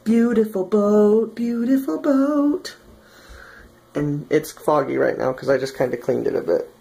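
A woman's voice: deep voice, sing-song, moderate pace, creaky, mellow, slightly rough. A woman vlogging casually at home, playfully chatting to her aquarium fish. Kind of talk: casual vlog tour.

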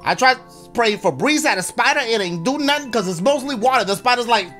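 A man giving energetic, rambling, slangy gaming commentary as a YouTuber, often shouting. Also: high voice, fairly quick, faint music behind.

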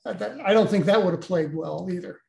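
An older man, a guest, recounting a personal experience in a halting way with many restarts. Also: high voice, gravelly, mellow, reverberant.

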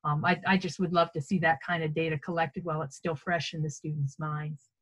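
A woman's voice: low voice, flat delivery, brisk, poor audio. A woman on a school committee asking questions in a chatty way, often restarting words, over a video call. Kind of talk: virtual meeting questions.

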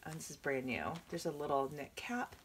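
A woman vlogging an unboxing to her viewers, gushing and excitable, with a slight cough from a coming cold and moments where she drops to a hush. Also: low voice, fairly quick, noisy background. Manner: gushing, excitable, drifting into hushed whispers. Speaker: reborn doll collector vlogger. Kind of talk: unboxing vlog, talking to viewers.

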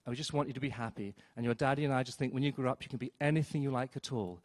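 A man voicing a doting parent who speaks in a hushed, sugary way. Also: medium pitch, racing, no room sound, lightly acted. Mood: coaxing. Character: doting parent, soft and coaxing.

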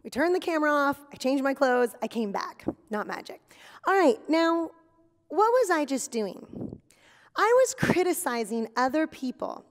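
A woman giving a children's sermon at church, telling stories in an animated, exaggerated way for kids. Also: high voice. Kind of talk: kid's sermon with acted skit. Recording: long reverb in a hall.

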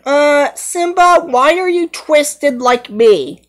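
A woman doing a fretful young lioness, high and whiny, slow, flustered, amateur fan role-play. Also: lively intonation. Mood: puzzled.

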